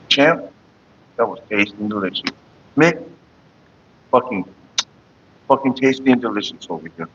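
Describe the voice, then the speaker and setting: A man's voice: lowish voice, lively intonation, normal speed, long pauses, a bit bright, lo-fi sound, slight background noise. A man hosting his own casual vlog, rambling and joking loosely with his viewers. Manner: loose, joking, talks to viewers and chat by name. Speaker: vlogger hosting a smoking session.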